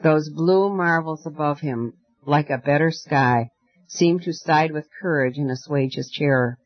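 Man narrating a storybook gently. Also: a little high, a little slow, highs cut off. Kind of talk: audiobook storytelling.

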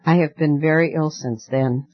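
A man's voice: fairly high pitch, fairly even intonation, moderate pace, close to an everyday voice. A man reading as a frightened, pleading young man. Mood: apologetic. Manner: pleading, earnest, fearful. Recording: dull lo-fi dry recording.

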